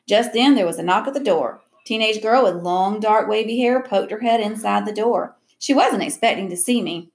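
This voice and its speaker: A woman's voice: mid-range voice, moderate pace, few pauses. A woman reading a novel aloud in a casual way, with small slips and rereads. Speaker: reader.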